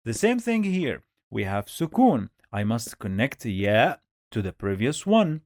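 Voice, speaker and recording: A man's voice: medium pitch, big pitch swings, unhurried, darkish tone, no echo, clean studio sound. A man teaching Quran reading to beginners, patiently sounding out and repeating each syllable. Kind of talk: step-by-step reading lesson.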